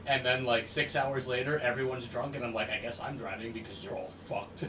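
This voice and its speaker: Man, casual profane storyteller, animated, recorded from a distance, roomy echo, noisy background. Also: medium pitch, a little fast.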